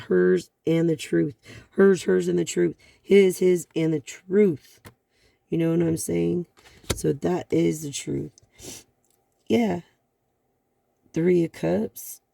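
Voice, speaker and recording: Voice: medium pitch, creaky, dark tone, no echo. A tarot reader giving a card reading to a viewer, rambling along with many fillers and sighs.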